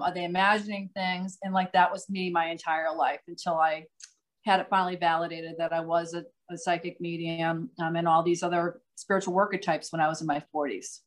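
A middle-aged woman from outside Boston with a light Boston accent, talking earnestly and at length as a podcast guest, with frequent "um"s and restarts. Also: fairly low pitch. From Massachusetts, US. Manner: earnest, talkative, many fillers and restarts. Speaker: guest, psychic medium and author. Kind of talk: casual interview chat.

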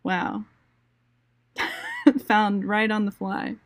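A woman's voice: mid-range voice, flat delivery, drawn-out words, dry recording. A woman co-hosting a book podcast in casual chat, joking and giggling often.

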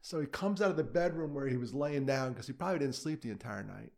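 A man's voice: medium pitch, fast, vocal fry, a little mellow. A middle-aged man, a podcast guest, telling a personal story in a candid, conversational way, with quoted asides.

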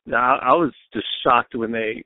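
A man's voice: mid-range voice, normal speed, no room sound. A man guesting on a podcast, chatting in a laid-back way with casual swearing. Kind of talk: casual chat. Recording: dry, tinny phone-like sound.

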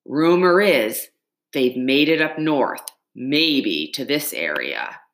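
A woman's voice: very deep voice, sing-song, slow pace, full character voice. A woman voicing a blunt male county constable who talks in clipped, folksy sentences. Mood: warning.

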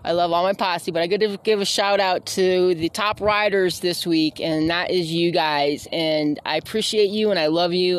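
A woman hosting her own podcast, talking casually while out on a walk, rambling with many fillers and self-corrections. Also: fairly low pitch. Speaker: podcast host. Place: outdoors on a walk.

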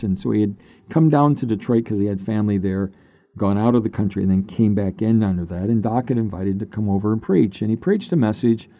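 Older pastor guy telling his testimony, very dark mellow voice, dry close sound, slow and halting. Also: fairly low pitch, dry recording. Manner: unhurried, halting with fillers, emotional at times. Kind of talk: personal testimony, conversational storytelling.

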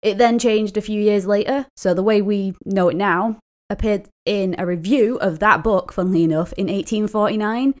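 A woman's voice: mid-range voice, normal speed, hardly any pauses. A woman co-hosting a casual podcast, explaining word origins with fillers and light laughter. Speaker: podcast co-host.

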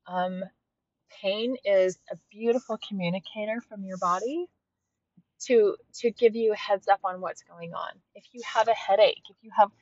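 A woman's voice: medium pitch, fairly even intonation, moderate pace, a little mellow, no echo. A woman hosting a podcast and coaching fitness, talking in a heartfelt, reflective solo monologue with frequent restarts. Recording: dull, slightly lo-fi with faint noise.

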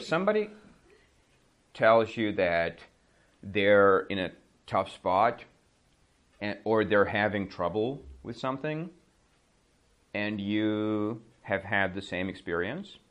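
A man in his thirties with a somewhat low voice runs a relaxed English lesson. He chats his way through everyday phrases, laughs easily, and slips into quick acted-out examples. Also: dull audio. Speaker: English teacher. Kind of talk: casual spoken English lesson.

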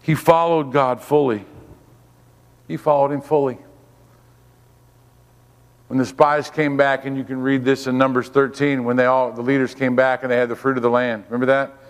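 A man's voice: medium pitch, little pitch movement, normal speed, long pauses, clear, resonant tone, long reverb tail. A man giving a sermon as a guest preacher, fervent and repetitive, calling on the congregation to respond. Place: church.

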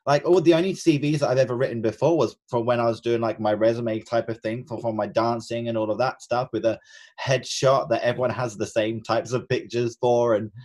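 An earnest man co-hosting a casual podcast, speaking at an ordinary mid pitch. He talks reflectively and thinks aloud, with many fillers and restarts. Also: fairly even intonation, fairly quick, a little mellow. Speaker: podcast co-host and coach.

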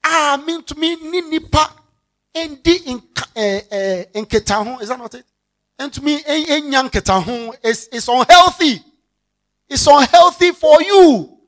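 Animated Ghanaian preacher, high and lively. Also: measured pace. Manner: animated, mixes English with Twi, acts out everyday scenes; bursts into shouting for emphasis. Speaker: pastor. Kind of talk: sermon.

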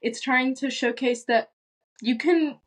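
High-voiced young British-accented woman. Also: slow. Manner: animated, reassuring, laughs easily. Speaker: guest, content creator. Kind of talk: casual podcast conversation.

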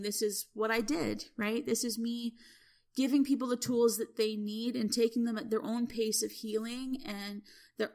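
A woman hosting her own podcast as a spiritual coach, talking casually in a chatty storytelling way with lots of "you know" and "right?". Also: a little high. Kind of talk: casual solo podcast monologue.

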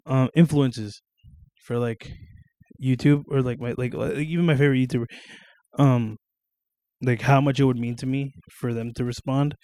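A man's voice: medium pitch, warm tone, dry recording. A young man hosting his own casual podcast, rambling with lots of fillers, restarts and casual swearing. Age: young adult. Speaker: solo podcast host. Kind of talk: casual solo podcast monologue. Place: at home, on camera.

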